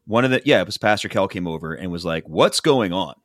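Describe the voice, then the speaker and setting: Low-voiced man animatedly recapping reality TV. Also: fast, dry recording, clean studio sound. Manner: animated storytelling, acts out quotes from the show. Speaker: podcast host recapping reality TV. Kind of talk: casual chat.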